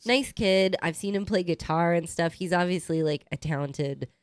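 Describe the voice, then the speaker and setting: A woman's voice: fairly low pitch, moderate pace, clear, resonant tone, dry recording. A woman in her thirties co-hosting a podcast, chiming in and animatedly acting out what people said. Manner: animated, chimes in, acts out quotes. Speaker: podcast co-host. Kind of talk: casual chat.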